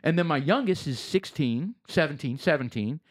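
A man's voice: on the high side, normal speed, slightly rough. A middle-aged man chatting casually as a co-host, telling stories with lots of fillers and restarts. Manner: animated storytelling with many fillers. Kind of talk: casual chat.

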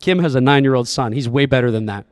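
A man's voice: medium pitch, quick pace, clean tone, clean studio sound. A young man preaching a sermon, telling a story with humor and dramatic flair. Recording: echoey church hall.

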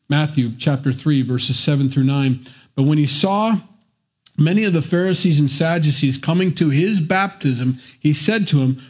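A man's voice: a little high, fairly quick, a little mellow. Joking, conversational male preacher. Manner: conversational, joking asides between scripture reading. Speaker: pastor. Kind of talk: sermon.

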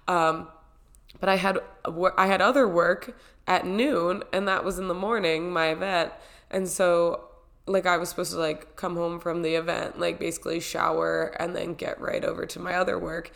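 Sick twenty-something girl rambling to the camera, kinda low and creaky, lots of likes and laughs. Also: fairly even intonation, normal speed. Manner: chatty, with many fillers and frequent laughs. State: sick with a cold. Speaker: wellness vlogger. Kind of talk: casual chat.

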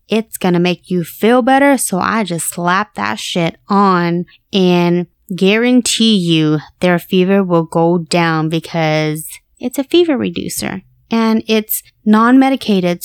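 Young mom rambling casually on her podcast, swears a bit, smooth clear voice. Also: mid-range voice, no room sound, studio quality. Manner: candid, chatty, swears casually. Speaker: podcast host. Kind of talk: casual personal chat.

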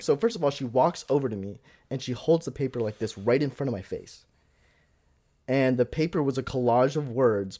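Young man telling an animated story. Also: mid-range voice. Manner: animated storyteller, heavy "like" filler, acts out quotes. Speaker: podcast co-host. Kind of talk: casual storytelling chat.

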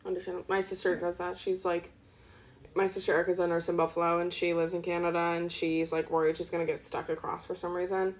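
A young woman in her twenties co-hosting a podcast in casual chat, talking fast and loose with lots of "like" and some swearing. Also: on the low side, little pitch movement. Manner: chatty, lots of "like" fillers, swears. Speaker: podcast co-host.

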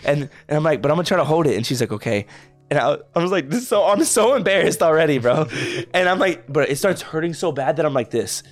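A man's voice: fairly high pitch, animated, quick pace, soft background music. A young man from Texas co-hosting a podcast, telling a long rambling story in casual chat and saying "bro" a lot. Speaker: podcast co-host.

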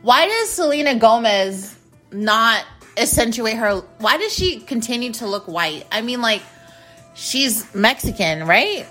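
This host has a high-ish, sing-song voice that's bright and forceful, and she takes her time. With soft music playing, she rants to camera on her own show, rambling bluntly and swearing as she goes.

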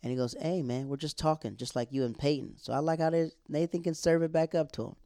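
A man casually recapping a TV episode, animated and slangy, acting out the characters' lines as he goes. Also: a little high, fast, dry recording, studio quality. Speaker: show recapper.

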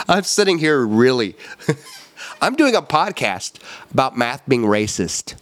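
A man's voice: medium pitch, very animated, normal speed, fairly bright tone, no echo. A man hosting a solo podcast, ranting in an emphatic, rambling way, repeating words and correcting himself. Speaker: podcast host. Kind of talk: solo opinion podcast rant.

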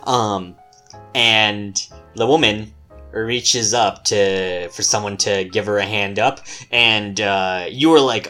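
A man's voice: on the low side, unhurried, pushed and bright, soft background music. A man who runs the game casually recounting a tabletop session, rambling with lots of fillers and the odd swear word. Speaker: game master.

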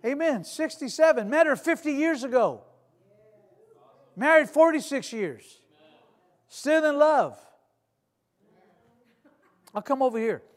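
A man in his sixties, a pastor preaching a sermon with humor and asides, swinging from loud declarations to hushed storytelling. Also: very high-pitched, expressive, takes it slowly, pauses often. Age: 60s.

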